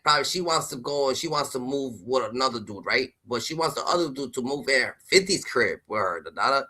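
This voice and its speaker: A man streaming casual reaction commentary on rap news, slangy and excitable, repeating a catchphrase tag. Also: medium pitch, fairly quick, few pauses. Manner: loud, excitable and laughing.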